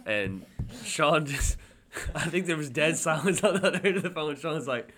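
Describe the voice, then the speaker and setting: A man's voice: on the high side, lively intonation, moderate pace, a bit bright. A man chiming in on friends' stories, laughing and mimicking others. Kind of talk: casual chat among friends.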